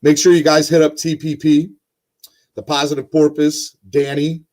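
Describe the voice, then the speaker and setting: A man's voice: a little high, flat delivery, normal speed, darkish tone. A young man hosting a casual sports podcast, rambling with lots of ums and uhs. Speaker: podcast host.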